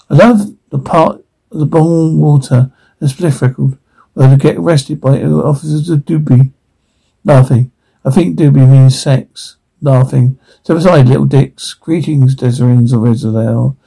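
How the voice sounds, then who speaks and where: Brief: male reader, husky and dark-toned, voices all roles and reads the cues aloud. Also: medium pitch, unhurried, poor audio. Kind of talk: reading out film scenes, all parts.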